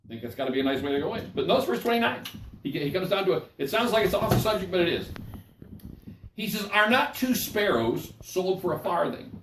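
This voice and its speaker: An older man serves as pastor, giving a folksy, chatty Bible study sermon. His voice sits fairly high and rises and falls in animated swings. He is heard from a distance in an echoey room. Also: a little fast, noisy background. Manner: folksy, conversational, checks in with listeners.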